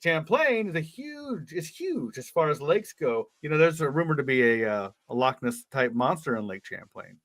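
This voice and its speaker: A man's voice: on the high side, sing-song, normal speed, hardly any pauses, fairly bright tone, dry recording. A man co-hosting a podcast, reading a story aloud and breaking off for jokes and laughs. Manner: joking, laughs between lines. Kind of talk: casual reading with jokey asides.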